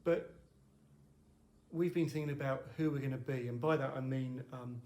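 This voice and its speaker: Guy minister doing a quick midweek devotional, chatty and wry, lots of ums, echoey room. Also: medium pitch, darkish tone. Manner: conversational and wry, with frequent fillers. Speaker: lead minister. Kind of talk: short midweek devotional talk.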